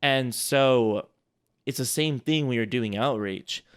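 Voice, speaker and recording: A man's voice: medium pitch, slow, smooth. Guy co-hosting a chill chat, keeps restarting sentences, laughs a lot. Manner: rambling, restarts sentences often, laughs easily. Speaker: co-host reviewing sales outreach. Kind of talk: casual chat.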